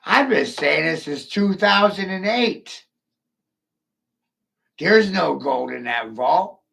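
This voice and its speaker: A man's voice: a little high, expressive, slow pace, gravelly, fairly bright tone. A man delivering a rambling, profane, mocking solo rant to the camera.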